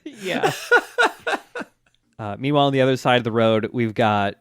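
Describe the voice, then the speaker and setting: A man's voice: mid-range voice, big pitch swings, normal speed, clear, resonant tone, no echo, clean studio sound. A man co-hosting a podcast, recapping episodes in casual chat and acting out character lines with laughs. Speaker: podcast co-host.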